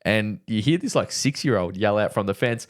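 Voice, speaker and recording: A man's voice: fairly low pitch, lively intonation, normal speed. A young man on a casual podcast, telling a rambling story and checking in with "right?" again and again. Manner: rambling storyteller, full of "right?" and "like", laughs hard at his own story. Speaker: podcast co-host. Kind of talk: casual chat.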